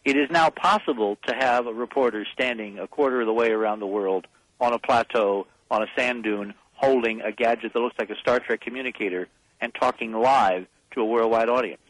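A man's voice: medium pitch, fairly quick, no echo, poor audio. A man speaking as a guest on a radio talk show, talking emphatically and persuasively, rallying listeners to act.

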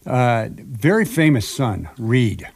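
A man's voice: medium pitch, lively intonation, takes it slowly, vocal fry. A man hosting a local radio show in the studio, chatting casually and joking with a laugh. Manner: jokey, laughs often. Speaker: radio host.

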